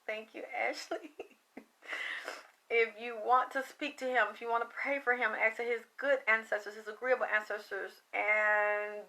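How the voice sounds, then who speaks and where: A woman's voice: on the high side, steady tone, moderate pace, bright, forceful tone. A tired woman talking to her livestream viewers, emotional and rambling, often trailing off into sighs. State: tired from late night. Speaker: psychic reader.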